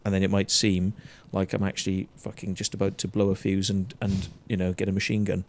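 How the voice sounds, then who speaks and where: A Welsh man hosting a casual livestream chat, blunt and animated, swearing heavily as he rants. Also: low-pitched, a little fast. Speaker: show host.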